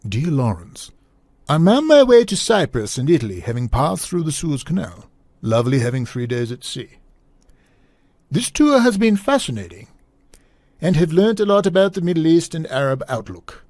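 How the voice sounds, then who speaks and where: A man's voice: big pitch swings, normal speed, a little mellow, no echo. A man doing a plummy, stuffy old British royal. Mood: pompous. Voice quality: clumsy put-on posh British accent. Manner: plummy, self-mocking, raised pitch. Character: stuffy older male British royal writing a letter.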